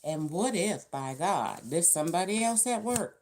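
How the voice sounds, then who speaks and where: A woman's voice: fairly low pitch, lively intonation, moderate pace, few pauses, warm tone, a little hiss or hum. A woman giving a casual tarot reading to camera, talking in a chatty, colloquial, rambling way. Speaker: tarot reader.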